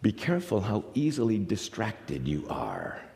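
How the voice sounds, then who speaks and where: A male pastor from the United States delivers a sermon with a fairly low voice that swings widely in pitch. He tells stories vividly, moving from loud to hushed, and a long reverb trails each phrase across a big hall. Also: huge pitch swings, unhurried, gravelly.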